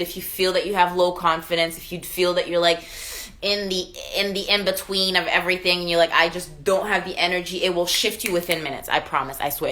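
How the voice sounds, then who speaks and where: Streaming live from home in a relaxed way, a young woman with a fairly low voice responds to viewers' comments, chats with them warmly and laughs a lot.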